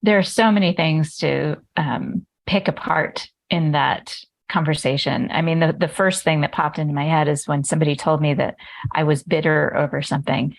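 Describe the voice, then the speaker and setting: Woman host, lowish voice, relaxed candid chat, dry close sound. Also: normal speed, vocal fry, no echo. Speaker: podcast host. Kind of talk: casual conversation.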